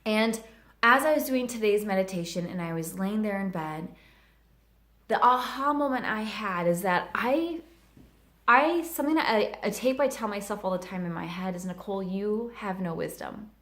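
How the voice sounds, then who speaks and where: A woman's voice: mid-range voice, expressive, moderate pace, a bit bright, reverberant. A woman in her thirties telling a personal story in a vlog, earnest and heartfelt, with lots of "like". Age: 30s. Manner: earnest and heartfelt, many fillers of "like". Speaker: vlogger.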